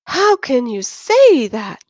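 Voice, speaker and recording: A woman reading aloud and voicing Christine, a naive, tearful young woman who pleads in a high, slow voice. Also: sing-song, no echo, lightly acted. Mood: upset.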